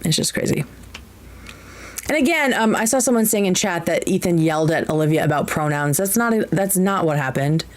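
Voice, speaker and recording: A woman's voice: on the low side, expressive, fairly quick, poor audio. A woman hosting a live-streamed podcast, chatting casually and animatedly, with many fillers and restarts. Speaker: podcast host.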